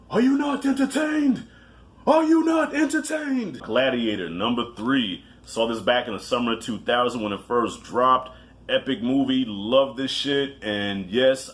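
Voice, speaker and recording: A man's voice: mid-range voice, fairly bright tone. A man giving a casual movie countdown, talking loosely with profanity, self-mocking asides and frequent restarts. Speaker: movie reviewer.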